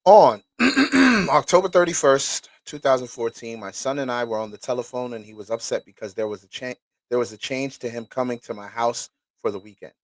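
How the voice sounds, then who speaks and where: A man's voice: medium pitch, lively intonation, no room sound. Casual man reading documents aloud. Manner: casual, profane, pauses to react. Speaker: host.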